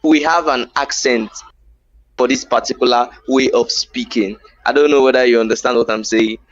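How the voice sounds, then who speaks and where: A man's voice: mid-range voice, fairly even intonation, normal speed, no room sound, lo-fi sound. A man, patiently explaining slang in casual chat, often repeating himself as he restarts sentences.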